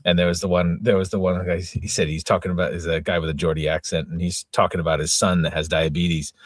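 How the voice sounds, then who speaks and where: A man's voice: low-pitched, flat delivery, fast talker, hardly any pauses, no room sound. A man in his forties from the United States, chatting casually on a live stream with dry joking asides. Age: 40s. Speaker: livestream co-host. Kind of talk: casual livestream chat.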